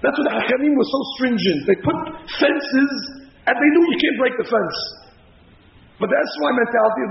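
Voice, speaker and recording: A man's voice: very high voice, fairly quick, creaky. A man preaching a sermon to a group of women, impassioned and emphatic, repeating his points for stress. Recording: echoey room, dull lo-fi sound.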